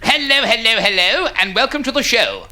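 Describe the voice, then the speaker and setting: A man's voice: very high voice, big pitch swings, normal speed, bright, forceful tone, voice pushed up, heavily acted. A man voicing a corny male club comic who tells gag jokes in a bouncy, sing-song delivery with forced laughs. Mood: cheesy.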